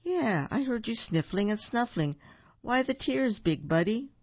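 A reader voicing a friendly, chatty male bunny in a storybook, in a high, eager voice, gravelly, on a dull, dry recording. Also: sing-song, a little slow, no echo.

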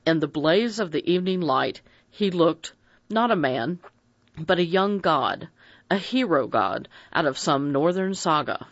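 A narrator reading a mystery novel aloud in an expressive, dramatic audiobook style. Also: mid-range voice, measured pace, no echo. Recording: dry dull lo-fi recording.

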